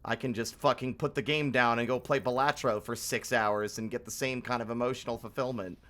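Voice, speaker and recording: Young man, game streamer, casual live commentary, frank, swears freely, medium pitch. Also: fairly even intonation, a little fast, bright, forceful tone.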